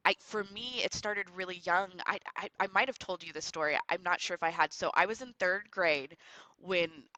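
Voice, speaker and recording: A woman from Texas, a podcast guest, telling a personal story in an earnest, reflective way with quick run-on phrases. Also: on the low side, bright, forceful tone, dry recording, poor audio.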